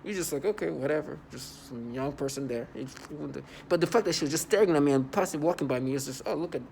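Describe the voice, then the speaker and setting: A New York City vlogger talks fast in a high, creaky voice with a darkish tone over slight background noise. His monologue to viewers is rambling and scornful, repetitive, and broken up by mocking laughter.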